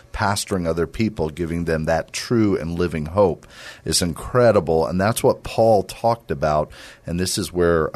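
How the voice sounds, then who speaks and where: Deep-voiced earnest Christian radio host. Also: male voice. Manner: earnest, affirming, preacher-like urging. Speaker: radio and podcast host, ministry leader. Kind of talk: Christian encouragement talk with a closing exhortation.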